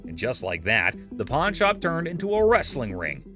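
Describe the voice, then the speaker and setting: A man's voice: mid-range voice, wildly swooping pitch, moderate pace, over music. Playful jokey male recap narrator. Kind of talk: scripted comedic narration.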